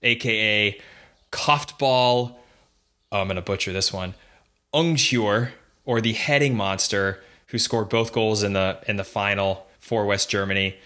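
A man's voice: on the low side, steady tone, moderate pace, bright, forceful tone, smooth. A man co-hosting a casual sports history podcast, chatty, reading facts aloud with fillers and restarts. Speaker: podcast co-host.

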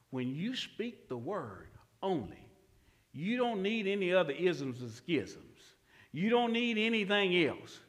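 A male pastor delivers a sermon in a high, bright voice that leaps up and down. He asks questions and answers them himself, dropping to near-murmurs before rising to shouts. The sound carries the long reverb of a church hall. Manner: preaching with call-and-response questions, swinging from low murmurs to shouts.

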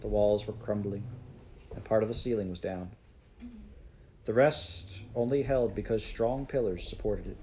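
A man reading a classic children's storybook aloud in a measured, unhurried way. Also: on the low side, warm tone, a little hiss or hum, rough recording. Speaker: audiobook narrator.

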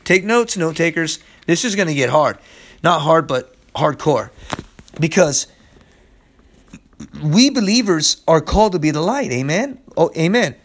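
High-voiced impassioned male preacher. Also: lively intonation, unhurried. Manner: urgent, repeats "listen"; impassioned, pleading. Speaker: podcast preacher. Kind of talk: sermon.

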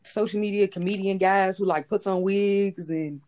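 A woman's voice: medium pitch, steady tone, normal speed, a little mellow. A woman in a casual podcast chat, frank and emphatic, speaking in loose slang. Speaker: podcast co-host.

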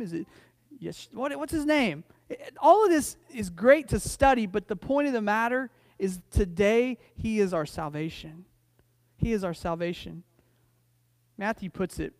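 A man's voice: high voice, no room sound. A middle-aged man preaching a sermon in a conversational, storytelling way, stumbling over restarts and building to emphatic declarations. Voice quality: frequent restarts and repeated words. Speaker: pastor.

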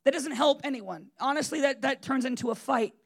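A man's voice: extremely high pitch, a little fast. A man preaching a sermon in a conversational, emphatic way, with frequent fillers and restarts.

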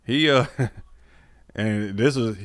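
A man's voice: mid-range voice, very slow. A man co-hosting a podcast, telling stories in an easygoing, profane way. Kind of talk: casual chat.

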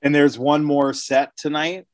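A man playing a bard in a tabletop game, relaxed as he describes his actions. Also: a little high, measured pace, no room sound. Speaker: player.

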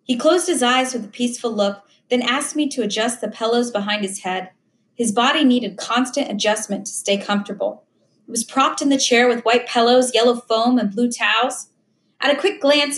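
A woman narrating an audiobook in a steady, measured reading voice. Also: a little high. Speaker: audiobook reader. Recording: roomy echo.

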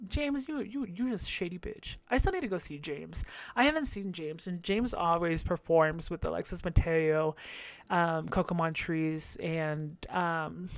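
A man's voice: a little high, pushed and bright, no room sound. A man hosting a podcast, recapping a reality show in a brash, profane, gossipy way with frequent laughter. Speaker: podcast host.

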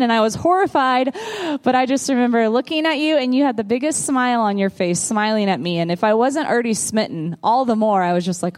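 A woman in her thirties with a Southern US accent, telling her side of the story in a lively, laughing way during a sermon. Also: a little high, brisk. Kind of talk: sermon told as a couple's story.

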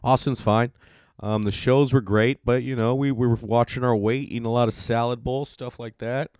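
A man's voice: mid-range voice, steady tone, moderate pace, a little mellow, clear, resonant tone, no room sound, studio quality. A young adult man from California, a stand-up comedian telling rambling, profane tour stories in a casual podcast monologue. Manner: profane, rambling, self-mocking.

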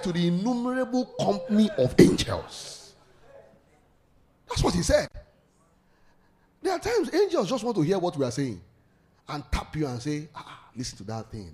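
A man's voice: high voice, mellow. A man preaching a sermon, leading call-and-response and laughing often.

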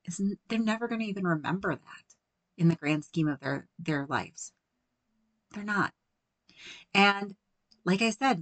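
A woman's voice: mid-range voice, fairly bright tone, no echo, low-quality recording. A woman hosting a faith-based coaching podcast, encouraging and walking the listener through examples. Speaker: podcast host.

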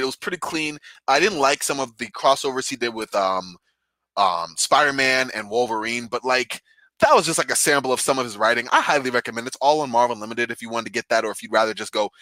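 A man chatting casually over a video call, excitedly retelling comic book stories with lots of fillers. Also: mid-range voice, dry recording, low-quality recording. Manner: excitable, rambling with many fillers.

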